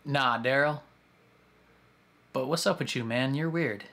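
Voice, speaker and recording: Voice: mid-range voice, a little slow. A host reacting to a movie in casual commentary, chatting and speculating about the plot as it plays. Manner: lively, chatty running reactions to a film. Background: film soundtrack playing faintly.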